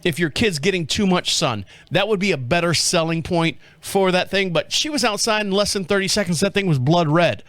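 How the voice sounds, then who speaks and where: A man's voice: sits high, fairly quick, few pauses, fairly bright tone, no echo. A middle-aged man from the States, hosting a podcast in a rambling, joking way and chuckling often. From southern United States. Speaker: podcast host. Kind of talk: casual chat.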